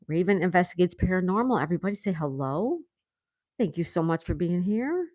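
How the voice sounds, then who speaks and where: A woman's voice: fairly low pitch, sing-song, fairly quick, darkish tone, no echo, studio quality. A woman hosting a casual livestream, reading viewer comments aloud and laughing often. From United States. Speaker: livestream host. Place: home in Florida.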